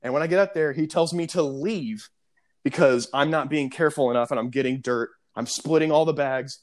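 A young man casually telling a story on a podcast, animated, acting out the people in it. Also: fairly high pitch, a little fast. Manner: animated storyteller, mimics customers.

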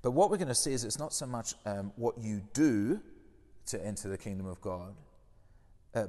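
A man's voice: fairly low pitch, darkish tone, long reverb tail. A man preaching a conversational sermon, often putting questions to his listeners.

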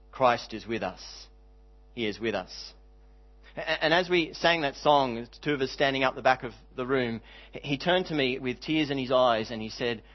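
A male pastor delivering a sermon in an earnest voice of middle pitch. He reads scripture aloud and draws out key words to stress them. The recording sounds slightly dull.

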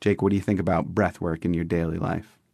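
A man's voice: sits low, flat delivery, fast talker, creaky, mellow, breathy edge, no room sound. A young man co-hosting a wellness podcast, talking with enthusiasm and often stopping to restart his sentences. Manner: enthusiastic, frequent restarts and fillers. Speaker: podcast co-host. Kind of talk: casual wellness podcast chat.

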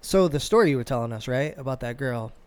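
A man hosting a podcast, telling a work story in a casual, animated and profane way. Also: medium pitch, quick pace, clear, resonant tone, dry recording. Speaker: podcast host.

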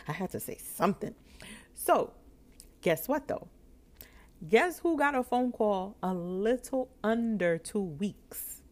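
A woman in her thirties from New York, hosting a podcast and telling a personal story, acting out the dialogue with laughs. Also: on the low side. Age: 30s. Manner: animated, acts out dialogue with laughs. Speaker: podcast host.

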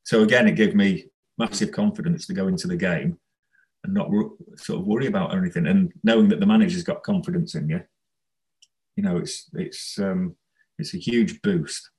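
A man, a former footballer, telling stories in a relaxed, rambling interview. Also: low-pitched, moderate pace, rough recording. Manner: rambling, anecdotal, laughs while telling. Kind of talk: casual storytelling interview.

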